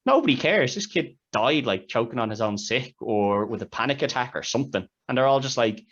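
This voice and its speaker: A man co-hosts a podcast, chatting casually about a film and retelling its scenes in a rambling way. His mid-range voice is expressive, brisk and fairly bright, with few pauses. The recording has a dull, lo-fi sound.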